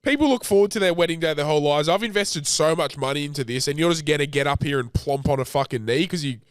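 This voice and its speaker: A man's voice: fairly high pitch, quick pace, clear, resonant tone, no echo, studio quality. A young Australian man co-hosting a podcast, blunt and full of swearing and banter. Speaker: podcast co-host. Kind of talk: casual chat.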